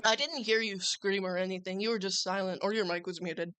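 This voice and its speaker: An excitable woman hosting a live reaction stream, talking in loose slang and swearing often. Her voice sits at a middling pitch. The sound is close and dry, with no room echo. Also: a little fast, clear, resonant tone. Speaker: livestream host. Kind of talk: casual live reaction chat.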